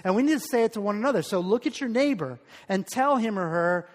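A man's voice: sits high, lively intonation, quick pace, few pauses. A man preaching a sermon as pastor, earnest and emphatic, leading the congregation in call-and-response declarations. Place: church sanctuary. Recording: hall reverb.

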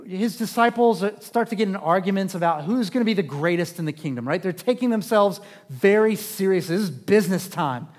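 Man, pastor, high voice, conversational sermon, rhetorical questions, long hall reverb. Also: animated, fairly quick, hardly any pauses. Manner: conversational, rhetorical questions, shifts between loud and hushed.

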